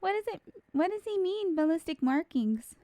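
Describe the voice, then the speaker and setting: A woman's voice: extremely high pitch, very animated, moderate pace, mellow, dry recording, voice pushed up. A woman voicing a cheerful young female sidekick in a video game dub. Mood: curious. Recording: game music behind.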